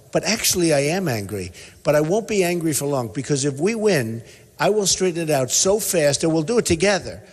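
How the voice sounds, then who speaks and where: An older man giving an emphatic, rambling, repetitive campaign rally speech in a hotel convention hall. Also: on the high side. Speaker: political candidate speaking at a rally. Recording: echoey convention hall with long reverb.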